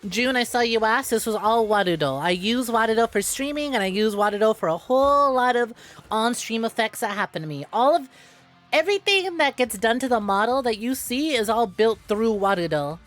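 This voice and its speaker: A woman's voice: fairly high pitch, lively intonation, a little fast, soft background music. A woman VTuber streamer, chatting casually on a live stream into a close mic, rambling, swearing freely and flipping between rants and laughter.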